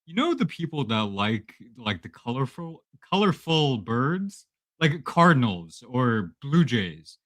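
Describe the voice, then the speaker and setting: A man's voice: mid-range voice, sing-song, takes it slowly, a bit bright, no echo, studio quality. A man calling in to a podcast, chatting in a laid-back, blunt way with fillers. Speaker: caller. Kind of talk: casual call-in chat.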